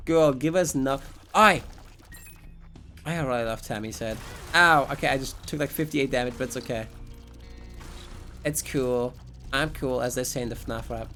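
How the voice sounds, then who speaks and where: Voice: mid-range voice, normal speed, pauses often, pushed and bright, faint music behind. A Twitch streamer giving casual live gameplay commentary, rambling and joking with plenty of swearing.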